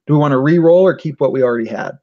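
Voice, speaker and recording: A man who is game master, narrating a tabletop game in a relaxed way, with plenty of fillers. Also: medium pitch, racing, vocal fry. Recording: dull lo-fi recording.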